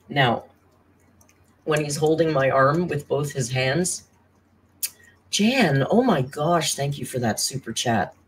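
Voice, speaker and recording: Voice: medium pitch, expressive, takes it slowly, pauses often, a little hiss or hum. Tired, chatty live-stream host. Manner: chatty, thanks viewers and reads their messages aloud. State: tired, worn down by caregiving. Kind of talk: casual live-stream chat.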